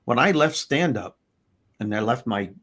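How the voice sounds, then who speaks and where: A middle-aged man, hosting a talk show and telling a personal story in an animated, conversational way. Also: mid-range voice, normal speed. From Long Island, New York. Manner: animated, conversational, repeats words. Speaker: host.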